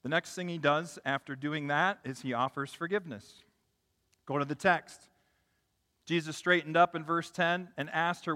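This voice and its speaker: A male pastor delivers a sermon in a large room, and his voice trails into a long reverb. He builds to emphatic peaks and then drops low and quiet for his stories. His voice is high and bright. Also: steady tone, moderate pace.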